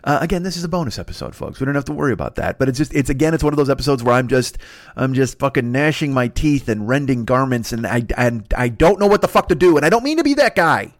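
A man hosting a solo comedy podcast, ranting in a profane, exasperated way that climbs into high indignant bursts. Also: sing-song, fast talker, dry recording, studio quality. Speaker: podcast host.

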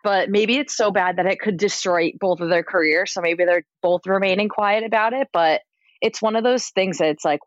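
A woman's voice: medium pitch, moderate pace, no echo, muffled recording. A woman guest on a podcast in casual chat, talking loosely with frequent "like" fillers. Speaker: podcast guest, entertainment editor.

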